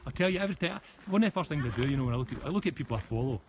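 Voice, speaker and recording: A man's voice: medium pitch, expressive, racing. A man from Scotland with a West of Scotland accent, chatting casually on a live stream while walking a forest path outdoors, answering comments with frequent restarts. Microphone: phone held while walking. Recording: outdoor phone stream with clear background noise.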